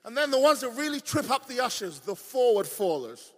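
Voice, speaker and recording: Man preaching, really high bright voice, fired up and shouting in a big echoey church hall. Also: very animated, a little fast. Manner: fervent, storytelling, rising to shouts. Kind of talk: sermon. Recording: long hall reverb.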